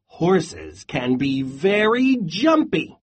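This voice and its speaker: Worrywart goat from a storybook read by a reader, slow, swoopy warnings. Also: very animated, husky, exaggerated voice. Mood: cautioning. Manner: slow, worried warnings, rising to high exclamations. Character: cautious goat warning about every danger.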